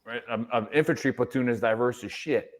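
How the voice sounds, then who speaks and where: Man, mid-pitched voice, casual veteran podcast co-host, forceful storyteller, keeps checking in with "right?". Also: brisk. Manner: emphatic, rhetorical "right?" tags.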